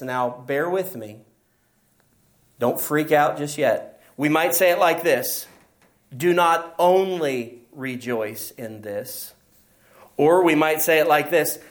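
A man preaching a sermon as pastor, emphatic and asking his listeners rhetorical questions. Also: medium pitch.

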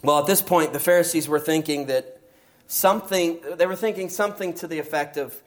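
A man's voice: fairly high pitch, fairly quick. A man teaching a Bible study sermon, acting out quoted voices and asking his listeners rhetorical questions. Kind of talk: expository sermon.

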